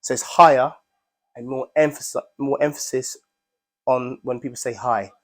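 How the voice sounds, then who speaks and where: A man's voice: medium pitch, steady tone, normal speed. Male teacher, mid-range voice, explains Arabic words to a class, checks for understanding often.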